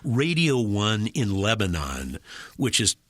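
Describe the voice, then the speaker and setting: A man, a working voice-over actor, chatting in an interview and telling animated stories that slip into quick character voices. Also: fairly low pitch, dry recording, studio quality. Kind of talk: casual interview chat.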